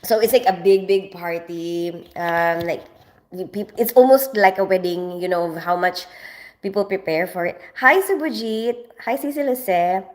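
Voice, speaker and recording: A woman in her forties from the Philippines chats with her viewers from home, rambling along with plenty of fillers. Her nose is stuffy from allergies. The talk is loose and relaxed, with no script. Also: lowish voice, unhurried. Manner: chatty, rambling, lots of fillers. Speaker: livestream host. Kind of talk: casual live chat with viewers.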